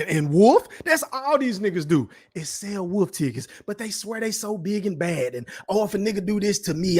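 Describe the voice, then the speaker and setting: A man's voice: high voice, a little mellow, no room sound. A man hosting a live-streamed podcast, ranting in a heated, mocking, profane way and talking straight to his viewers. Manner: talks straight to his chat audience. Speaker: podcast host. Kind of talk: live-streamed commentary rant.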